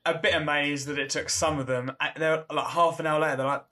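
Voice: mid-range voice, fairly even intonation, a little fast, pushed and bright. A podcast co-host, giving blunt, wry takes in a casual chat.

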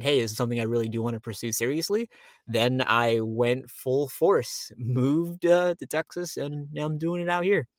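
A man's voice: medium pitch, a bit bright, no echo, studio quality. A young man from Florida, a voice actor guest, chatting loosely with lots of fillers in an interview. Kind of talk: casual interview.

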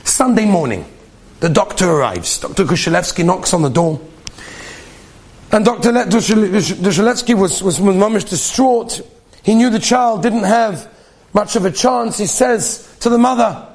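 A man's voice: high-pitched, expressive, moderate pace. A man telling a story with a lesson in an earnest, emphatic way, often repeating himself.

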